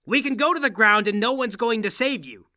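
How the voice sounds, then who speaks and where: A man playing a tabletop game, ranting in a deadpan, mock-serious way. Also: very high voice, fairly quick. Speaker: player. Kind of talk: tabletop game role-play.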